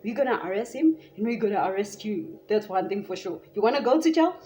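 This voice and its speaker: A woman's voice: medium pitch, animated, fast, mellow, slight background noise, lightly acted. A woman voicing a blunt police officer lecturing her in a retold story.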